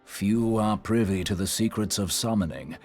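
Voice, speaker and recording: A man's voice: on the low side, moderate pace, a little mellow, soft background music, lightly acted. A man playing a solemn archaic-speaking scholar. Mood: grave. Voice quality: formal, archaic phrasing. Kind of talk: game voice acting.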